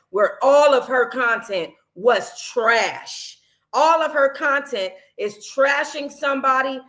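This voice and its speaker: Woman podcast host, emotional and impassioned, pitched a touch high, casual commentary. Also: a bit bright.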